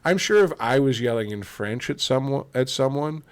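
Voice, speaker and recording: A man's voice: mid-range voice, lively intonation, normal speed, dry recording. A Canadian man co-hosting a podcast in a casual, blunt and opinionated chat, swearing freely. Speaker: podcast co-host.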